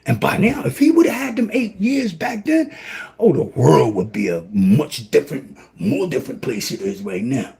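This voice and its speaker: A man preaching on a livestream, fiery and preachy, swinging from loud outbursts to a near-whisper. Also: a little high, sing-song, normal speed, creaky. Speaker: livestream host.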